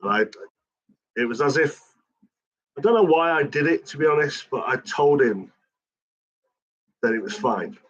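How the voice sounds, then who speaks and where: Husky swearing man, casual raw chat. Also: fairly high pitch, a bit bright, dull audio. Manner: swears constantly, raw and halting. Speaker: channel host.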